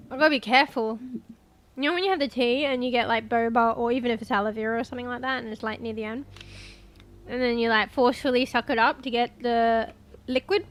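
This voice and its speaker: On a casual live stream, a young Australian woman talks with her audience, reads chat out loud and swears as she pleases. She speaks on the high side, and a faint hiss or hum sits under the recording.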